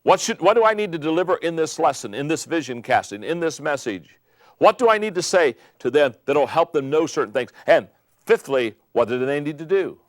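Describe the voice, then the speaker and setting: An older man giving an emphatic motivational talk on leadership, repeating key phrases and building to loud peaks. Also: on the high side, lively intonation, brisk, no echo, clean studio sound. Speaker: speaker on leadership.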